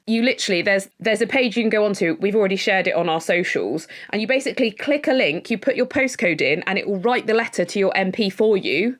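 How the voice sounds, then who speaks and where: A woman in her thirties, co-hosting a podcast in casual chat, enthusiastic and talkative, acting out what people said in quick little voices. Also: medium pitch, lively intonation. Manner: chatty, enthusiastic, quotes others in little acted voices. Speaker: podcast co-host.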